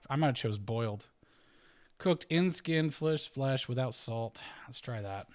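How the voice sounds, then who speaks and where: With a mid-range voice, the host of a homesteading channel chats his way through a spreadsheet, working out figures aloud. He corrects himself, chuckles now and then, and his intonation moves up and down freely.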